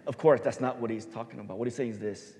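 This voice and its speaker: A man pastor giving a sermon, telling a story and swinging his voice between loud and soft for emphasis. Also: mid-range voice, quick pace. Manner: storytelling, varies loudness for emphasis. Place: church sanctuary. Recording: long hall reverb.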